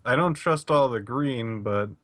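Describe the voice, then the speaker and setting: Bright-toned man player. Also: mid-range voice, unhurried, no echo. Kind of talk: tabletop role-play chat.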